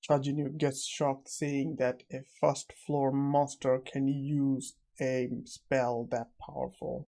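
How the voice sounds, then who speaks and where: Male recap narrator, monotone, dark mellow timbre, unhurried. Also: medium pitch.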